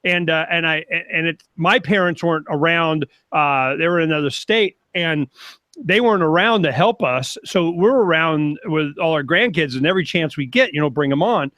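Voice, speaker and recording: An older man and grandfather talking casually as a panel guest on a video call, rambling and animated as he tells stories. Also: fairly high pitch, moderate pace, no echo.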